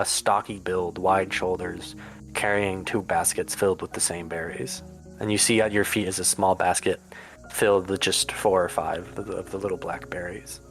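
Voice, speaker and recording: A man narrating a tabletop game as game master, descriptive and pausing. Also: sits low, fairly bright tone, rough recording.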